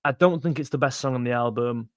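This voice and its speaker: Here a young male host of a music channel goes through his live chat, chatty and playful, calling folks mate. He speaks quickly at a medium pitch. The recording is dry and studio quality.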